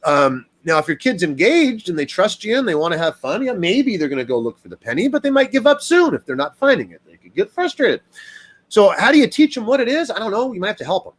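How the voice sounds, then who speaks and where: Very animated and fast-talking, the man is a dog trainer rambling casually. His monologue is full of fillers, and he acts out the people he quotes in a higher voice.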